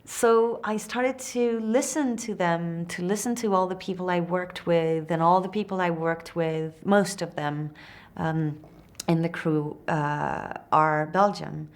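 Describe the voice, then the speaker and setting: A woman's voice: fairly low pitch, fairly even intonation, takes it slowly. A woman with a French accent, an actress speaking English as a second language in an interview, hesitant and searching for words. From France. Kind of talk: interview answers.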